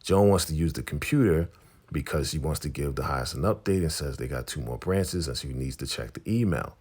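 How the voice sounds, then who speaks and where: A man casually recapping a TV episode, telling the story in an animated way and acting out the scenes as he goes. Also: very deep voice, fairly quick, husky. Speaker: TV recap vlogger.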